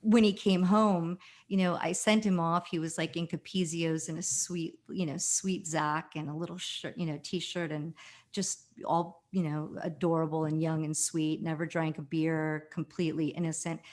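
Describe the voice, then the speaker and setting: Woman, 50s, from New Jersey, podcast guest; slightly low voice, animated storyteller with a casual, filler-heavy delivery. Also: normal speed.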